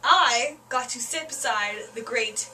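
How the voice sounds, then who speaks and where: Excitable high-voiced young woman co-host. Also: slow, distant mic, slight background noise. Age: young adult. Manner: excitable storyteller, laughs through her stories. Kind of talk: casual chat.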